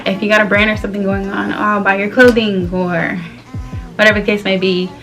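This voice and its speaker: A woman's voice: mid-range voice, level tone, brisk, over music. A young woman in her twenties from Florida, talking candidly and loosely with slang and frequent laughs while doing her hair for a vlog. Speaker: vlogger.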